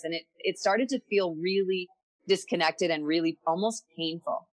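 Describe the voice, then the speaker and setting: A woman with a fairly low voice speaks as a podcast guest. She tells her story in a candid, reflective way and circles back over her words as she searches for them. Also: animated, moderate pace.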